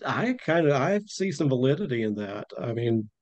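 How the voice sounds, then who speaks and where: A man's voice: medium pitch, big pitch swings, a little mellow. Man chiming in on a podcast. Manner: brief agreeing interjections, measured comments. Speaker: podcast guest, horror magazine editor. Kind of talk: casual chat.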